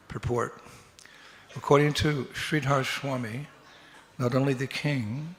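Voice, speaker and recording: A man with a gravelly, mid-pitched voice reads scripture and its commentary in a slow, measured recitation. The recording rings with long hall reverb. A faint hiss sits underneath. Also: a bit bright. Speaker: scripture reader. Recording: echoey hall with faint noise.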